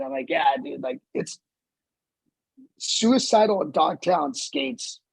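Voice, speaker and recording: A man with a gravelly, husky voice swings his pitch up and down as he tells stories in a casual chat. He laughs and swears freely while he talks. The sound is dry and close. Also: very animated, slow, no echo, rough recording. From Los Angeles area. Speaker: podcast host.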